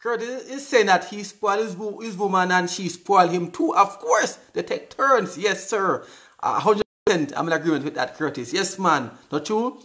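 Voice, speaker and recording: A man's voice: high-pitched, lively intonation, normal speed, a bit bright. A Jamaican man in his forties hosting a casual live stream, reading viewer comments aloud and answering them in an upbeat, chatty way, often repeating words. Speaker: live show host.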